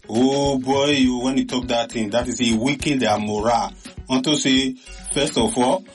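A man with a Nigerian Pidgin accent, hosting a show and giving animated, casual commentary full of exclamations. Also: mid-range voice. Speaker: radio or online show host.

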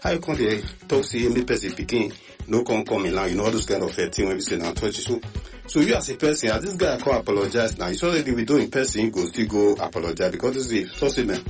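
A chatty radio host with a Nigerian Pidgin accent, a man whose voice sits on the low side. He talks in animated bursts and jumps up in pitch on key words. Faint music plays underneath. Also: fast. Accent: Nigerian Pidgin English. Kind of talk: call-in radio gossip talk.

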